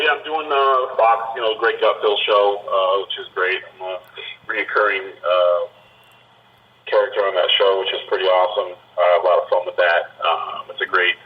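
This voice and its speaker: Man, very deep voice, quiet and calm, phone interview, lo-fi muffled line. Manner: quiet, unhurried, never yells. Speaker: guest, pro wrestler. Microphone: telephone.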